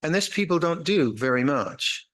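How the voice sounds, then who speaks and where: An older man giving a dharma talk at a meditation retreat, speaking slowly and haltingly, with many restarts and a gentle, wry humor. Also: a little high, sing-song, low-quality recording. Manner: slow, halting, many repeated words and restarts; gentle, wry, laughs at his own jokes. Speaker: meditation teacher.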